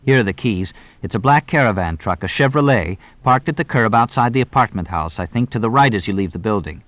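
A man voicing a quick-witted, evasive young man who answers briskly and glibly. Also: lowish voice, animated, no room sound, highs cut off, close to an everyday voice. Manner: brisk, glib, deflecting.

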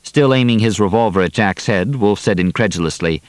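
A man reading a novel aloud as narrator, measured and steady. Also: fairly low pitch, dry recording. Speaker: audiobook narrator. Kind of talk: scripted narration.

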